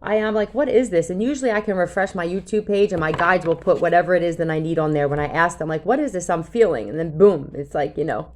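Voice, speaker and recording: A woman's voice: fairly low pitch, fairly even intonation, fast talker, hardly any pauses, slight background noise. A woman tarot reader talking casually to her viewers, blunt and cursing freely, often checking in with "okay?". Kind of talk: casual talk to camera.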